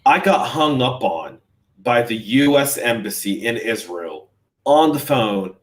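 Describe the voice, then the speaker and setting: A man from California, a podcast host, ranting in animated, sarcastic casual chat on a livestream. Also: mid-range voice, unhurried.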